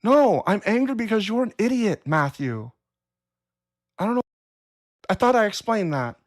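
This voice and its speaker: A woman's voice: medium pitch, animated, moderate pace. A woman hosting a live stream, talking casually and replying to chat comments in a blunt, profane, exasperated way. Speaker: livestream host. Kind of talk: casual livestream talk reading chat comments.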